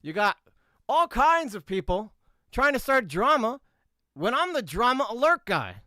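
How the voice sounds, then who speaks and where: A man's voice: very high-pitched, sing-song, unhurried, bright, forceful tone, dry recording, studio quality, full character voice. A man doing a comedic impression of a cocky, boastful male drama-news YouTuber who rambles and keeps asking "all right?". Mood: brash boasting.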